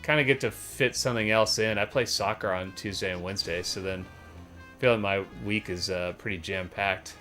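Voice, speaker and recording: A man in his thirties chats casually while streaming a retro game. His voice sits low but has a bright, forward edge, and he rambles with plenty of ums. Faint game music plays behind him. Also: brisk. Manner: relaxed, rambling with many fillers.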